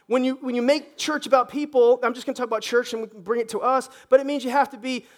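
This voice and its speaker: A pastor preaching a lively sermon, joking and acting out people's voices as he goes. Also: very high-pitched, fast. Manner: animated, joking, acts out congregants' voices. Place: church stage.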